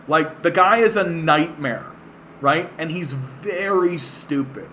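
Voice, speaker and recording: A man from Canada rants scornfully in political commentary. He stumbles and repeats himself, and his voice is bright and somewhat high. There is a faint hiss of noise behind him. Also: measured pace. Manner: scornful, repetitive, filler-heavy. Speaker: livestream host.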